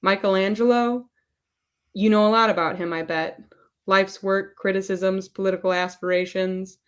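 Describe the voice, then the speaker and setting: A woman's voice: mid-range voice, steady tone, moderate pace, smooth, natural voice. A woman voicing a middle-aged male therapist, reading a long monologue off her phone and stumbling on a few words. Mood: earnest.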